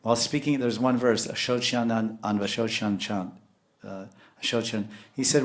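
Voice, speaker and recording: A man with a somewhat low voice delivers a spiritual sermon. His talk is animated and full of restarts, and he breaks into soft chuckles as he explains. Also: moderate pace. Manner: animated, lapses into scolding voices when quoting. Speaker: spiritual teacher.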